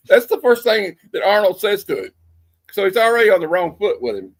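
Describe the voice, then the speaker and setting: A man's voice: high-pitched, sing-song, moderate pace, dry recording. A man hosting a casual movie review, telling a story in a loose, rambling way full of fillers and restarts. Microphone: streaming setup.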